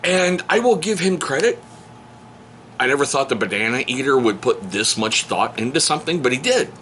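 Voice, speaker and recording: A man's voice: medium pitch, normal speed, slight background noise. A man telling a casual, joking story to camera as a stepfather vlogger, at home. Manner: joking, animated, playful. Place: home on a cold day. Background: heater running.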